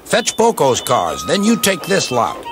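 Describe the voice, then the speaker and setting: A man's voice: on the high side, wildly swooping pitch, a little slow, pitched above the performer's own voice, exaggerated voice. A man voicing Edward, a kind but stern older engine who scolds firmly. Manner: firm and scolding. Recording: music playing behind.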